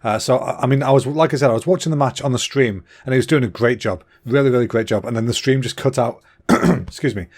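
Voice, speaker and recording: Chatty, excitable northern man. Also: medium pitch, fast. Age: 30s. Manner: chatty and excitable, with fillers and restarts. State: slightly out of breath and throat-clogged. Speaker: podcast host. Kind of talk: casual solo podcast rambling.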